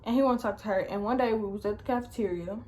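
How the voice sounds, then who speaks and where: A woman's voice: medium pitch, very fast, dark tone, a little hiss or hum. A young woman vlogger telling a storytime, chatty and slangy, swearing often. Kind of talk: casual storytime.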